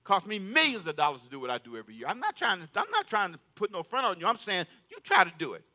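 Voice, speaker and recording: Male pastor, high and sharp-toned, emphatic call-and-response sermon delivery. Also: huge pitch swings, quick pace. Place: church sanctuary.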